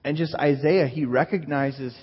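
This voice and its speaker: A man's voice: a little high, steady tone, husky. Man preaching in a reverberant hall. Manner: earnest teaching, reads scripture slowly, repeats words. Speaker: pastor. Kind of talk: sermon. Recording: dull sound with long hall reverb.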